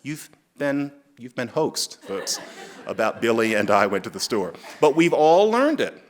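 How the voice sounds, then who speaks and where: Delivering a public lecture from the stage, a middle-aged man from the U.S. speaks a little slowly but with wry emphasis. His voice is in a typical male middle range, and quoted phrases get a lively, playful punch.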